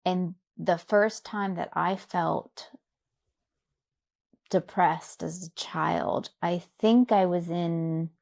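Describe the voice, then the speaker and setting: A young adult woman from Louisiana, an interview guest telling her own story in a reflective, soft-spoken way with many fillers. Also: on the low side, steady tone, extremely slow, gravelly. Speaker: podcast guest. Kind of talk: personal story in a conversational interview.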